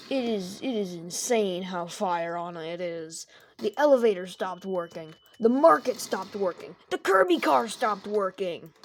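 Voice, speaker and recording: A woman's voice: mid-range voice, slight background noise. A woman telling an improvised comedic game story, rambling and jokey and often breaking off mid-sentence. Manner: rambling, jokey, self-interrupting.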